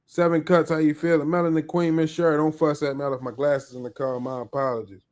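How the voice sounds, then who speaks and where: The voice is a man's, set slightly high, hosting a live podcast stream. He keeps it casual and upbeat, full of slang as he runs through shout-outs to viewers one by one. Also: level tone. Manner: upbeat, slangy, rapidly greeting viewers by name. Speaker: podcast host.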